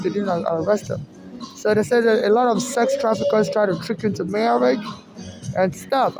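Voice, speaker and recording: High gravelly man rambling. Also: poor audio. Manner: rambling, repeats "you know" often. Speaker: vlogger. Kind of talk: casual monologue to camera. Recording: music playing behind the voice.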